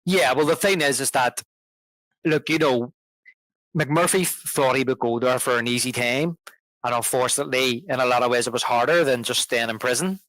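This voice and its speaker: A man's voice: mid-range voice, moderate pace, a bit bright, no echo, poor audio. A man co-hosting a film podcast, chatting casually and retelling film scenes at length while quoting their lines and chuckling often. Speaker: podcast co-host. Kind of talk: casual film review chat.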